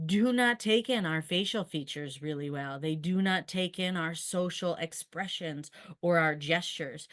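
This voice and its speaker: Woman, special ed teacher, very low voice, earnest and practical, webinar call. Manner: earnest and explanatory, practical advice. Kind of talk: webinar presentation.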